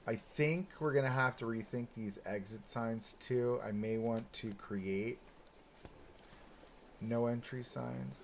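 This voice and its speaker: A man's voice: medium pitch, gravelly, slight background noise. Chatty man thinking aloud while streaming. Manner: chatty, thinking aloud with many "like"s and rhetorical "right?". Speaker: streamer building a theme park. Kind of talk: casual live-stream commentary.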